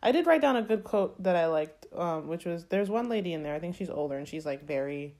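A woman's voice: fairly low pitch, expressive, brisk, darkish tone. An American woman co-hosting a podcast, chatting casually with many "like" fillers. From United States. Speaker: podcast co-host. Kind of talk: casual chat.

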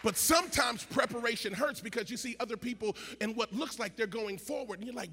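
High-voiced, bright male preacher in a hall. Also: a little fast, few pauses, a faint crowd. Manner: builds to shouted, sing-song preaching cadence. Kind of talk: sermon. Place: large conference hall. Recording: long hall reverb, faint ambient noise.

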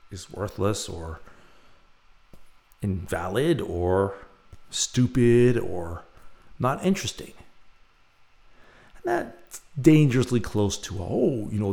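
A man's voice: lowish voice, creaky, darkish tone. A middle-aged man hosting a podcast, telling a personal story in a rambling, self-mocking way with many fillers. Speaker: podcast host.

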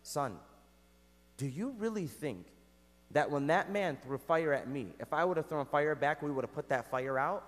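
A man voicing a calm, humble father who speaks softly and patiently in a story. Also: a little high, normal speed, close to an everyday voice. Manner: soft, patient and polite. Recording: echoey church hall.

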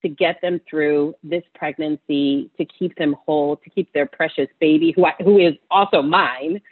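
A woman physician speaks with passionate, encouraging conviction, close to tears. Her voice sits a little low and sounds husky. It comes through a thin, phone-like line. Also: fairly even intonation, moderate pace. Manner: passionate, warm-hearted, preaching encouragement. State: teary. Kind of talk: interview answer, emotional testimony.

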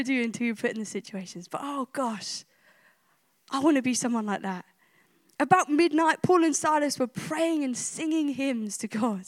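Animated high-voiced woman preacher. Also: no echo, studio quality. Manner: emphatic, with rhetorical questions and repetition. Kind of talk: sermon retelling a scripture story.

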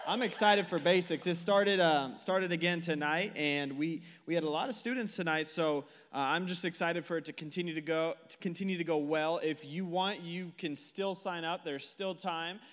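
A youth pastor in his twenties gives a casual sermon to a live group in a church hall, using a handheld or stage mic with long hall reverb. His voice is fairly high and fairly bright, at normal speed with few pauses, and he's chatty and joking, full of fillers and questions to the crowd.

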